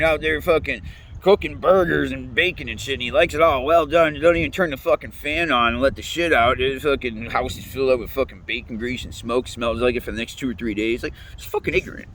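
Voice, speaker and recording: A man's voice: fairly high pitch, fairly quick, a little hiss or hum. A man, ranting casually, rambling and swearing often. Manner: profane, rambling, animated, laughs often. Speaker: interviewee. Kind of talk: casual rant.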